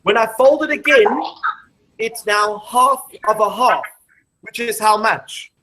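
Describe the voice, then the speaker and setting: A woman's voice: a little high, takes it slowly, a bit bright, poor audio. A woman presenting a live maths show to a classroom of children, explaining step by step and quizzing the class as she goes.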